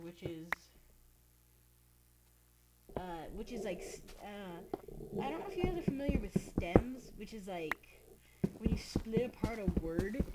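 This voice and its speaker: A man's voice: high-pitched, poor audio. A teenage boy rambling through a casual story, full of fillers and restarts, as host of a game video. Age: teens. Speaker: let's play host. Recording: loud background noise with clicks.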